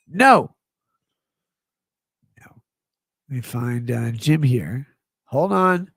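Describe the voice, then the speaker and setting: A man's voice: mid-range voice, slow, gravelly, pauses often, breathy edge, no room sound. A man hosting a livestream, reading chat messages aloud and rambling in a profane, jokey way. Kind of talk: casual rambling stream chat.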